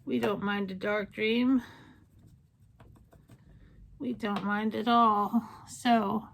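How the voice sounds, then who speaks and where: Slow-talking, gushing woman makeup vlogger. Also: mid-range voice, steady tone, gravelly, a bit bright, a little hiss or hum. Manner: chatty, gushing, jokey asides. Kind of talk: casual makeup tutorial with swatches.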